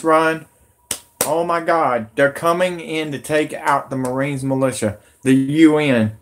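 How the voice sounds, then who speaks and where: A man talking on a live stream, urgent and rambling as he addresses his viewers. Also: on the high side. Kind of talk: excited live stream talk.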